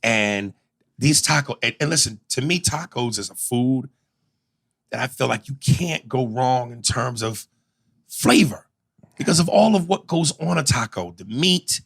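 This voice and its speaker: A man's voice: medium pitch, a little slow, vocal fry, breathy edge, no echo. A man co-hosting a podcast, telling loose, profane stories in casual chat. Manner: profane, animated storytelling with impressions. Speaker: podcast co-host.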